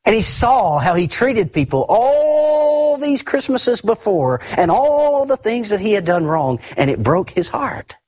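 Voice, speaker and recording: A man preaching a sermon emphatically, often repeating words and swinging his pitch up and down. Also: very animated, a little slow, few pauses, a little mellow, dry recording.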